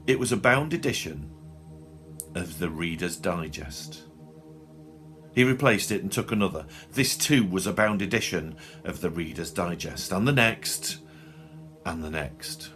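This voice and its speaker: Brief: man reading an audiobook, lowish voice, soft music behind. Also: measured pace. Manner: dry, expressive storytelling. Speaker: narrator.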